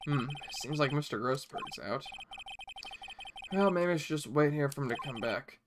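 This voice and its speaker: A woman's voice: low voice, normal speed, noisy background. A woman streaming a game, chatting in a playful, self-amused way, with game music behind. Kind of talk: casual gameplay commentary.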